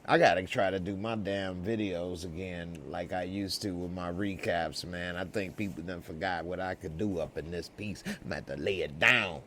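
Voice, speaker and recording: A man hosting a TV review podcast in casual chat, with a slow drawl and animated asides. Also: low-pitched, a little hiss or hum.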